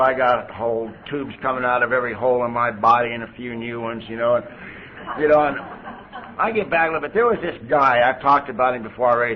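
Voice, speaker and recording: A man sharing his personal recovery story at a meeting, in a conversational way with lots of "you know.". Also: medium pitch. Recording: tinny phone-like tape with faint hiss.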